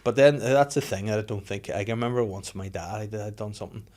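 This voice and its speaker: A man's voice: lowish voice, quick pace, darkish tone. A man in his thirties, chatting on a podcast, swearing freely and acting out the people in his stories. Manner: swears a lot, acts out quoted people. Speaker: podcast host. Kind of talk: casual podcast chat.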